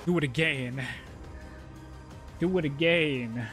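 A man telling a funny work story, then reacting loudly to a fighting game, laughing and swearing freely. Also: on the high side, lively intonation, takes it slowly, pauses often, over music. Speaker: gaming YouTuber. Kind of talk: storytelling and live gameplay commentary.

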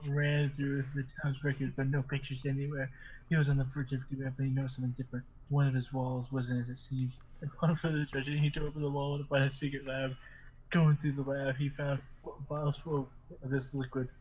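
A man's voice: medium pitch, completely flat delivery, brisk, darkish tone, muffled recording. A man hosting a podcast, reading silly stories aloud to friends and often breaking into laughter as he stumbles through them. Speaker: podcast host.

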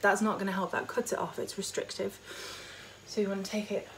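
A woman choir leader, teaching an online vocal warm-up from home and demonstrating high sung notes. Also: level tone, fairly quick, slight background noise. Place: home during lockdown.

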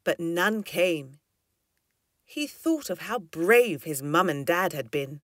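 A woman reading a children's story aloud in an expressive, lilting way. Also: lowish voice, slow.

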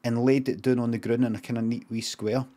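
This streamer, a middle-aged Scotsman, improvises a funny story at a quick pace in a medium-pitched voice. His telling rambles and stays deadpan, full of free swearing and drifting tangents.

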